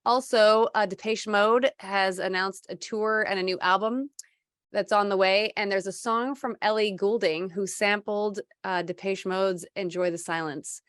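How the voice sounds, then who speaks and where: A woman hosting a podcast in casual chat, relaxed and chatty as she runs through shout-outs. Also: medium pitch, unhurried, clear, resonant tone, no echo, studio quality. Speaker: podcast host.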